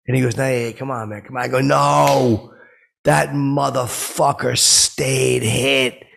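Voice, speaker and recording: A man playing a clueless, brash comic who rambles through stories with loud outbursts when he quotes himself. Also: mid-range voice, fairly even intonation, unhurried, slight background noise. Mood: rambling. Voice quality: gravelly, husky voice. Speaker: comedy podcast host in character. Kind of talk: rambling comic storytelling monologue.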